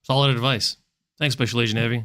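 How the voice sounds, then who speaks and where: A man vlogging from home, musing casually and reacting to clips, with relaxed fillers. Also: mid-range voice, fast talker.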